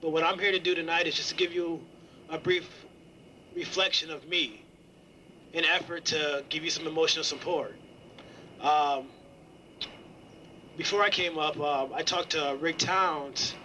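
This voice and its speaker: A young man speaking to a campus gathering, earnest and halting, pausing often as he shares a personal reflection. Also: on the high side, fairly even intonation, bright, forceful tone, a little hiss or hum, low-quality recording. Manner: earnest, halting, with many ums and pauses. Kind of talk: heartfelt spoken reflection.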